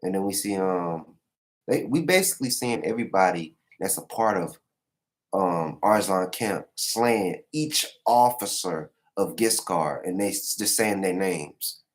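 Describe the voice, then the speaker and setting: A man recapping manga chapters in a casual live reaction, animated and profane, acting out the characters' lines. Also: sits low, unhurried. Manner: animated, acts out the characters' lines in raised voices, swears freely. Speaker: manga reviewer.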